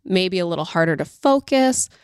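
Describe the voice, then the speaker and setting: A mother who homeschools, telling a story in a chatty, animated way and talking straight to her listeners. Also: on the low side, moderate pace, clear, resonant tone, no room sound, studio quality. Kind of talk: casual storytelling monologue.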